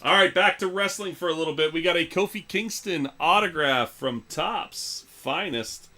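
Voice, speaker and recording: A man's voice: a little high, normal speed, bright, forceful tone. A man hosting a live sports card auction stream, joking loosely between calls of prices. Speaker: live card break host.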